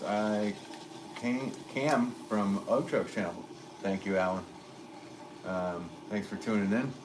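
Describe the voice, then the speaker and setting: A man from Connecticut, a potter, chatting casually and reading out comments on a live stream. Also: low voice. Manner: rambling, easygoing, many fillers. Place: pottery studio. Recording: noisy background.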